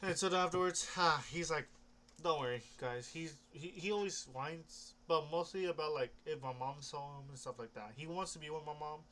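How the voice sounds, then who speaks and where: A man's voice: a little high, brisk, few pauses, bright, forceful tone. A young man rambling casually about comics, hesitant, restarting often and swearing offhandedly. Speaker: comic book vlogger.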